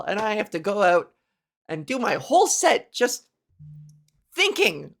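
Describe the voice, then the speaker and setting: A woman's voice: mid-range voice, fairly bright tone. A woman comedian hosting her own podcast, talking in a playful, rambling monologue full of crude jokes.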